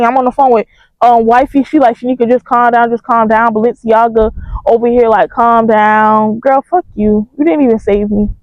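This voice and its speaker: A young woman telling a storytime in a casual, profane, animated way. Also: high voice, no room sound, lo-fi sound. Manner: animated, profane, emphatic retelling.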